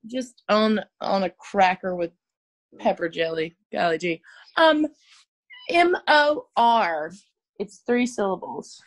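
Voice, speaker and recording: A young woman from North Carolina, a stand-up comedian guest, telling jokey stories in animated chat. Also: mid-range voice, slow. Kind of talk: casual chat.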